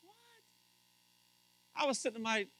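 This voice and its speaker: A middle-aged man preaching with a high, bright voice that swings widely in pitch. He jokes with his listeners and bursts into loud shouts when he acts out quotes. His delivery is lively and expressive throughout. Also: moderate pace, low-quality recording. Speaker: pastor. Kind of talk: sermon.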